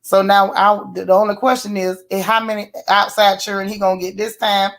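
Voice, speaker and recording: A woman, recapping a TV episode in a sassy, animated way and chatting with her live viewers. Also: mid-range voice, a little fast. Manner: sassy, animated storytelling with mock quotes. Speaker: YouTube TV show reviewer. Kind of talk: casual live-stream recap talking to chat.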